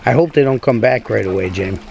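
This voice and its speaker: A man vlogging casually about farm chores outdoors, easygoing and relaxed. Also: mid-range voice, quick pace, vocal fry, slight background noise. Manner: easygoing, calls ducks with quacks. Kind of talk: casual chat while doing farm chores.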